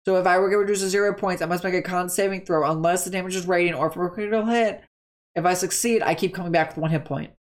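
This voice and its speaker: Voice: mid-range voice, steady tone, fast. A tabletop game creator casually explaining monster stats in a chatty, rambling way, often stopping to correct themselves.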